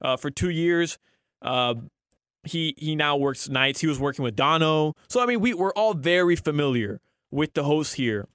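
A man's voice: fairly high pitch, animated, moderate pace, a bit bright, smooth, no room sound. A man co-hosting and producing a sports radio show, rambling casually with many restarts and fillers on a studio mic.

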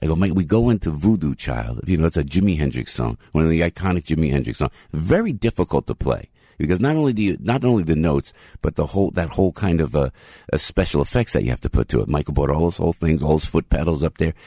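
A middle-aged man hosting a radio show, telling a story with excited emphasis. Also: a bass voice, fast, husky, no echo, clean studio sound. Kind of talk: animated storytelling monologue.

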